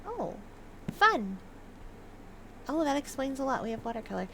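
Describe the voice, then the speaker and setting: Chatty, bright-voiced young woman gamer. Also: sits high, big pitch swings, normal speed, creaky, slight background noise. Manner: chatty, playful, reads in-game notes aloud in a mock old-timey voice. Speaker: gaming video host. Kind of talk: casual let's-play commentary.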